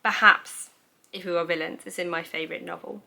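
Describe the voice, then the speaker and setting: A young woman with a bright, crisp voice gushes about her favourite books in a casual, rambling chat. She laughs at herself and reads out her old notes with plain delight. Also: lowish voice, fairly even intonation, a little fast. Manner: gushing, rambling, self-mocking, laughs at herself. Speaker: book vlogger. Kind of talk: casual book review chat.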